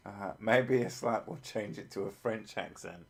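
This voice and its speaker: A man's voice: on the low side, moderate pace, slightly rough. A man hosting a casual livestream, reading out chat and joking with a lot of swearing. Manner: profane, joking, easily sidetracked.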